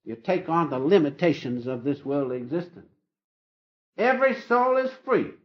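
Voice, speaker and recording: Older male spiritual teacher, folksy and gently humorous, lively pitch, muffled vintage tape. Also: normal speed. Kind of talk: informal spiritual talk. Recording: dull lo-fi old recording.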